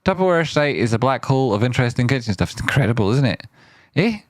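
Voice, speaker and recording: A man hosting a live trading stream, riffing playfully in rambling chat and often jumping into a high silly voice. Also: very animated, fast, dry recording. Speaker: trading livestream host.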